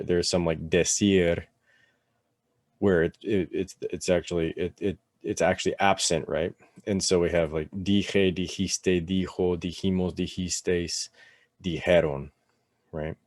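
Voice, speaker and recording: A man teaching a relaxed, casual lesson, with many fillers and "right?" tags as he explains step by step. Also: sits low, no room sound, clean studio sound. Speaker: Spanish teacher.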